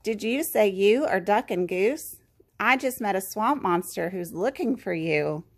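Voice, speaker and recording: A woman voicing a friendly talking daisy, polite and gentle. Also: mid-range voice, lively intonation, unhurried.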